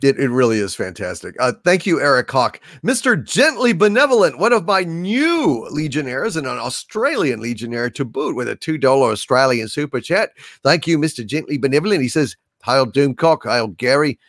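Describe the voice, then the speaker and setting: A man co-hosting a casual livestream, reading out viewer super chats with lively, swearing banter. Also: medium pitch, moderate pace, hardly any pauses, no room sound, studio quality. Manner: animated, swearing, laughs often.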